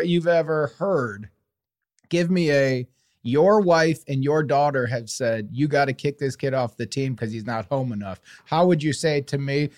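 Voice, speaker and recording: A man co-hosting a casual comedy advice podcast, playful and animated. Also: medium pitch, moderate pace, dry recording, studio quality. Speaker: podcast co-host.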